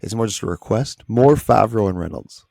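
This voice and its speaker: Gravelly, laid-back podcast guy. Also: lowish voice, expressive, normal speed, darkish tone. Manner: laid-back, rambling, laughs easily. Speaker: podcast co-host. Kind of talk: casual film review chat.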